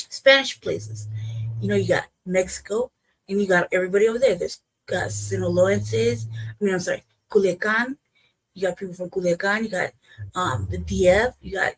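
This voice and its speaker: A woman hosts a reaction commentary, ranting in a heated, emphatic way and swearing freely. Her medium-pitched voice is husky, and the recording quality is low.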